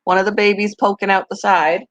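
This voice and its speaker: A woman's voice: mid-range voice, steady tone, a little fast, rough recording. Gushing chatty woman talking to viewers. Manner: chatty, gushing, laughs often. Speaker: pet channel host. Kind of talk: casual live chat to viewers.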